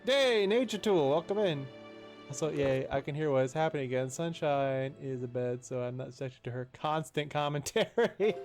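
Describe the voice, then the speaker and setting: A man's voice: fairly high pitch, normal speed, a little mellow, faint music behind. A man streaming a game in casual chat, rambling and chuckling with many fillers.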